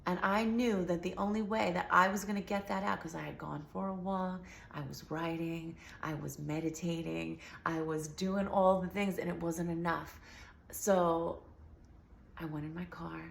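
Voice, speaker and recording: Speaking at a moderate pace, a woman with a fairly low, gravelly, slightly sore voice keeps a steady tone as she chats to camera. She's a healing vlogger, earnest and rambling with lots of fillers, in an echoey room with faint hiss.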